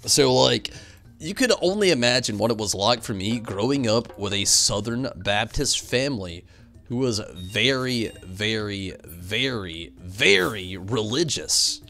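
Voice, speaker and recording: A man streaming games, chatting casually and telling rambling, animated stories full of fillers. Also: lowish voice, measured pace, faint music behind. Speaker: game streamer. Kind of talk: casual chat while streaming.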